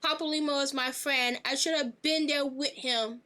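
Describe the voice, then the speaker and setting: A woman's voice: sits high, fairly even intonation, moderate pace, sharp tone. A woman streamer reacting live to gameplay with emotional, profane outbursts.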